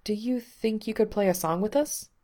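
A woman's voice: mid-range voice, normal speed, mellow, pitched above the performer's own voice, natural voice. A woman reading aloud, voicing a weary, guilt-ridden adult man in an earnest, strained way.

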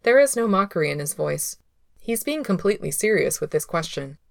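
Low-voiced woman reading a story. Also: very animated, brisk, gravelly, no room sound, clean studio sound. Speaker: reader of fan fiction. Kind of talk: audiobook narration.

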